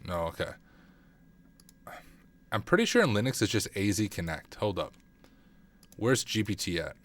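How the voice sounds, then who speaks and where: A man's voice: lowish voice, sing-song, normal speed. A man streaming a casual hacking walkthrough, thinking aloud and teasing himself as he types. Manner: thinks aloud, self-deprecating, mutters while typing. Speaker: cybersecurity streamer.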